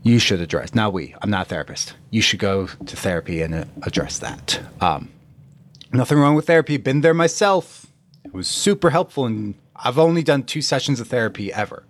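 A young man hosting a fitness podcast, talking in a blunt, profane and animated way about self-talk. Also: medium pitch, fairly quick. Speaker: podcast host. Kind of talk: casual motivational talk.

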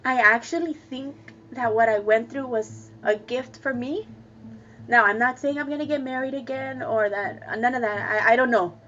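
A woman telling a personal story candidly, with emotional laughs and halting restarts. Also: on the high side, a bit bright, muffled recording, slight background noise. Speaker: guest sharing a personal story.

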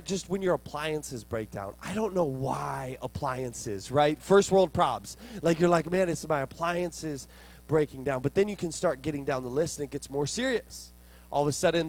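A young man, preaching a storytelling sermon and acting out the dialogue with lots of restarts. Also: on the high side. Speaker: pastor.

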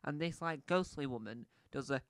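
Man, casual film review podcast, rambling, chatty, smooth clear voice, dry close sound. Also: fairly high pitch, normal speed, no room sound. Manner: rambling, chatty, with many restarts and asides.

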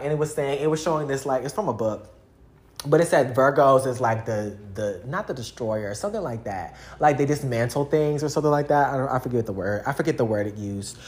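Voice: mid-range voice, roomy sound. Young adult vlogger, loose rambling chat, heavy on slang and "like". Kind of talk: casual rambling monologue.

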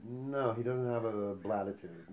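A man's voice: lowish voice, measured pace. Guy ribbing his buddy on a podcast, swears a lot, echoey room, kinda muffled. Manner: teasing, profane banter. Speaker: podcast co-host. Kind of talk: casual chat. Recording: roomy, dull lo-fi sound.

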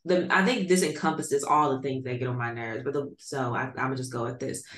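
A woman's voice: rumbling low, fairly even intonation, brisk, fairly bright tone. Blunt woman on an echoey podcast. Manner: blunt, opinionated. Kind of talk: casual chat. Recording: echoey room.

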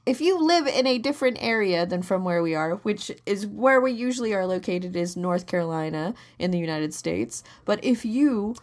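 A woman's voice: medium pitch, animated, normal speed, hardly any pauses. A woman co-hosting a podcast in casual chat, explaining things earnestly at length with many restarts, and dryly exasperated with her partner's jokes. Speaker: podcast co-host.

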